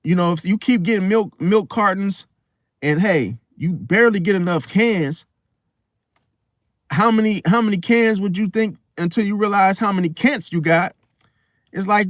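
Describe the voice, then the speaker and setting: A man's voice: high voice, normal speed, dry recording, studio quality. A man hosting an astrology video, talking casually to camera in a rambling, slangy way with many restarts.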